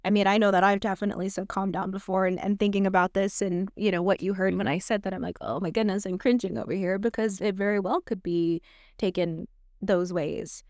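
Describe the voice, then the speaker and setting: Woman, smooth clear voice, counselor, asks guiding questions, dry close mic. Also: medium pitch, fairly even intonation, brisk, a little mellow, dry recording. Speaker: counselor and co-host. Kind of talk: conversational podcast discussion.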